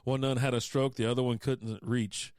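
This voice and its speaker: A man co-hosting a laid-back beer podcast, with a medium-pitched voice. He talks bluntly and teases his co-host, swearing as he goes. The sound is dry and close, with little room around it. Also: flat delivery, moderate pace, a little mellow, clear, resonant tone, dry recording. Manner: blunt, teasing, swears freely. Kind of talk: casual beer podcast chat.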